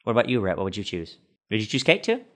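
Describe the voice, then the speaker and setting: A man's voice: lowish voice, very fast. A man in casual chat among tabletop game friends, telling jokey stories and imitating people. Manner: jokey, animated storyteller who imitates people.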